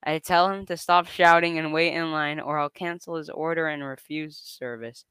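A man's voice: a little high, fairly even intonation, normal speed, pushed and bright, clean tone, no room sound. A young man casually reading an online story aloud to a co-host, often breaking into laughter as he reads.

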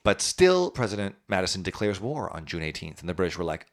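A man's voice: low-pitched, sing-song, fast, few pauses. A man hosting a casual history podcast, telling events with jokes and acting out historical figures in silly voices.

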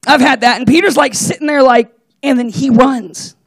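Animated jokey male preacher, gravelly. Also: extremely high pitch, moderate pace, dry recording. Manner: animated, jokey, acts out Bible characters. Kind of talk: casual sermon.

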